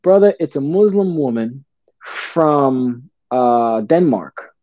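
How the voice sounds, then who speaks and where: A middle-aged man tells a personal story in a lively, casual way and keeps calling the listener brother. His voice is mellow and dark. The recording is dry and a little dull. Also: medium pitch, slow pace, no room sound. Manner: animated, calls the host brother and bro. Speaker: podcast guest.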